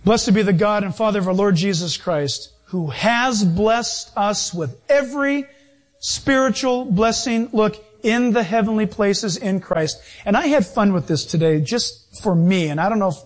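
A man preaching a sermon in a lively, animated way, acting out voices as he goes. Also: high-pitched, a little slow. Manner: animated, acts out voices and quotes.

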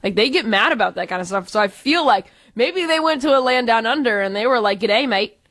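A woman from Texas, co-hosting a sports radio show in a lively, opinionated way. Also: a little high, dry recording, clean studio sound. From Texas, USA. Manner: lively, opinionated, quick asides. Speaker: radio co-host. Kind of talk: casual sports talk.

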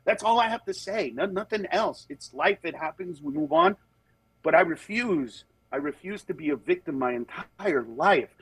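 Animated, husky-voiced male comedian. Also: normal speed, no room sound, poor audio. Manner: animated, acts out others in high put-on voices; turns earnest and reflective. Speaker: comedian guest on a talk show. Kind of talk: casual storytelling chat.

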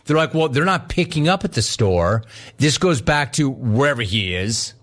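A man on the radio telling a casual story, acting out the people in it with lively swings in his voice. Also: medium pitch, moderate pace. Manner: animated, acts out both sides of the story. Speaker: radio host.

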